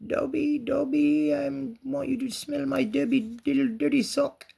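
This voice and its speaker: A man doing a tiny groveling house-elf with a high squeaky voice pitched way up over his own, gravelly rasp still poking through, slow and drawn out, eager to please. Sounds like a quick toy-channel impression in a craft video. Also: flat delivery, mellow, heavily acted.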